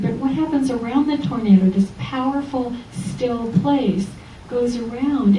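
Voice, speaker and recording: A woman's voice: on the high side, slight background noise. A woman spiritual teacher giving an inspirational Sunday church lecture, telling stories and acting out the voices of the people in them. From Los Angeles. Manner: animated storytelling, acting out quoted voices. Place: church hall. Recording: echoey church hall from far off.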